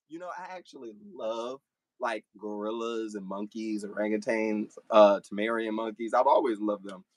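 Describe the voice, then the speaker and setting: A man's voice: fairly low pitch, normal speed, dry recording. Blunt young man talking back to chat. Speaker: livestreamer. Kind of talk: casual livestream talk to commenters.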